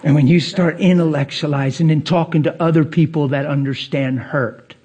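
A man preaching a sermon to a church crowd. He moves from hushed whispers to excited, nearly shouted lines and acts out people's voices in his stories. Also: moderate pace. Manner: swings between hushed whispers and high excited near-shouting.

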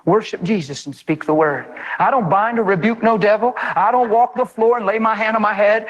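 A man preaching a sermon, fervent and animated, speaking straight to his listeners and acting out prayers. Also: brisk, few pauses, low-quality recording. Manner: fervent, animated, voice leaps high when excited; addresses listeners directly and acts out prayers.

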